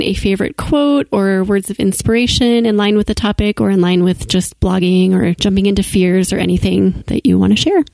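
A woman's voice: medium pitch, vocal fry, a little mellow, no echo. Upbeat woman podcast host, dry sound. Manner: upbeat, gushing, playful. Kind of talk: casual interview chat.

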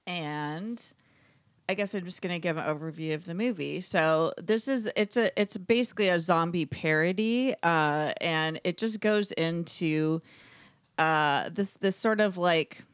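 A woman in her thirties with a lowish voice chats casually on a podcast, rambling and laughing as she goes. The sound is dry and close. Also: unhurried, smooth, dry recording. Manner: chatty, laughs often, rambling. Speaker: podcast co-host. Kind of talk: casual chat.

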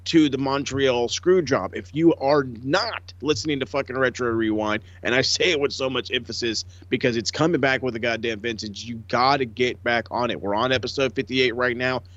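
A man co-hosting a casual podcast, swearing freely and talking excitedly. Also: medium pitch, moderate pace, hardly any pauses, dry recording, dull audio. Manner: profane, excitable, laughs a lot. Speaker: podcast co-host.

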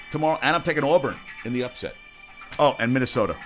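A man's voice: medium pitch, animated, quick pace. A man hosting his own sports show in a casual, rambling rant, blunt and profane, with faint music behind.

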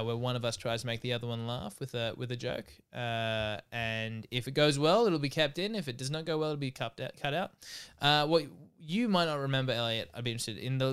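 Man, podcast co-host, casual storytelling, clear smooth voice, laughs a lot. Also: mid-range voice. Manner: animated, laughs through his stories.

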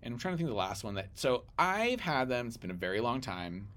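A man's voice: medium pitch, very animated, quick pace, fairly bright tone. A man co-hosting a podcast in a casual, rambling chat with many fillers. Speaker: podcast co-host.

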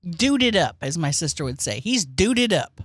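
A woman's voice: lowish voice, sing-song, unhurried, husky, no echo, clean studio sound. A woman co-hosting a podcast in casual chat, playful and jokey as she tells rambling stories. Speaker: podcast co-host.

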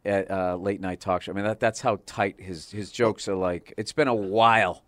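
A man's voice: low voice, steady tone, moderate pace, a bit bright, no room sound. A man from the Boston area chatting casually as a comedian, telling stories full of fillers and swearing. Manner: rambling storytelling with lots of fillers and swearing. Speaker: comedian guest. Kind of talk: casual chat.

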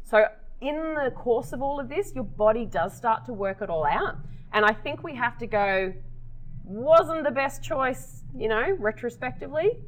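A woman's voice: fairly high pitch, animated, normal speed, a little hiss or hum, low-quality recording. A woman co-hosting a podcast, explaining things practically with a teasing edge. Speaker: podcast co-host, health professional. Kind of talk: casual chat.

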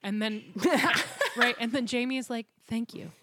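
A woman co-hosting a podcast, retelling a book plot in casual chat, animated and laughing, with some swearing. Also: on the high side, moderate pace, very noisy.

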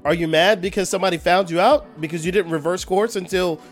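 A man's voice: sits high, fast, faint music behind. A man co-hosting a podcast, arguing his point insistently in casual debate. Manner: insistent, argumentative. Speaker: podcast co-host.

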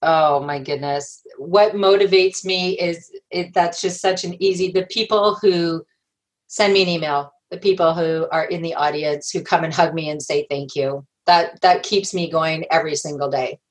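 A woman guest in an interview, telling stories in a lively way and acting out the people she quotes. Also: sits low, normal speed, rough recording. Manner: animated storyteller, acts out quoted voices, laughs often. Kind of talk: conversational interview.

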